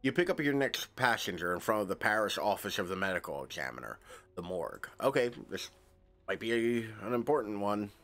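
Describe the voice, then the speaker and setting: A man's voice: fairly low pitch, sing-song, a little fast, a bit bright. A male streamer reading a narrative game aloud, dropping casual, wry asides between the lines.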